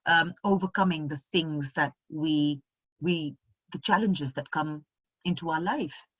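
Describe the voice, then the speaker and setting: A middle-aged woman from India, chatting as a guest in an expressive, animated way over a video call. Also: low voice, unhurried, breathy edge, no echo, highs cut off. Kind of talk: casual conversation.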